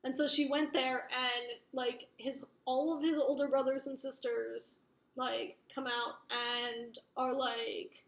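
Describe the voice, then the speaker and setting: A woman's voice: sits high, flat delivery, slow. A young woman casually recapping a book plot, rambling with lots of fillers and swearing. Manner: rambling, filler-heavy, profane. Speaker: book reviewer. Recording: roomy echo.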